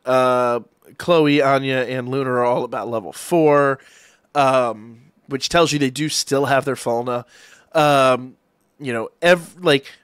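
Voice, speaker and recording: A man casually recapping an anime episode, rambling excitedly and acting out the characters' lines as he goes. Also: mid-range voice, dry recording, studio quality. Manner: excited, rambling retelling with acted-out quotes. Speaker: anime reviewer.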